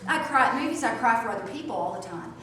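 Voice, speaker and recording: A woman teaching a small group, swinging from soft asides to loud outbursts. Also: a little high, expressive, rapid-fire. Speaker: spiritual teacher. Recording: echoey room from a distance, faint noise.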